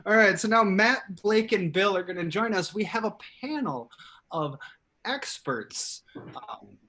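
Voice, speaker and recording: A man hosting a live improv comedy show from home over a video call, upbeat and animated. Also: high voice, a little slow. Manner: animated, upbeat, hedging fillers. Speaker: host.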